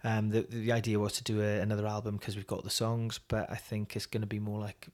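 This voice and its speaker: A man's voice: on the low side, completely flat delivery, fast, darkish tone. A British man, a worship singer-songwriter, talking casually and rambling in a podcast interview with lots of ums. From Britain.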